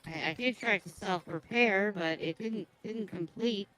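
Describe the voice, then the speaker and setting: A woman voicing a calm automaton companion in a tabletop game, speaking in a plain, matter-of-fact way. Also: medium pitch, a little slow, natural voice, poor audio. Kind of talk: tabletop game role-play.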